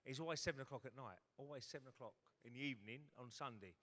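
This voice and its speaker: A man with a mid-range, fairly bright voice talks at a quick pace. A former footballer appearing as a guest, he tells a swearing anecdote on stage in a hotel ballroom, acting out other people's lines, with the long reverb of a big hall in the recording.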